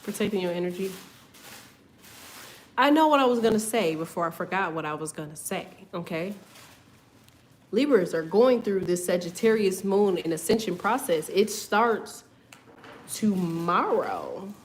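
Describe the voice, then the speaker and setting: A woman's voice: medium pitch, expressive, a little slow, long pauses. A woman giving a casual tarot reading. She swears freely, laughs often and drifts off on tangents. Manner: loose, profane, laughs often, goes off on tangents. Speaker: tarot reader.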